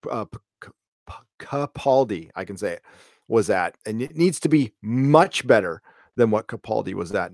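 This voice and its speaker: A man's voice: medium pitch, a little mellow, no room sound, clean studio sound. A middle-aged man hosting a casual live show, talking in a rambling, blunt way and swearing freely. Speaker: host.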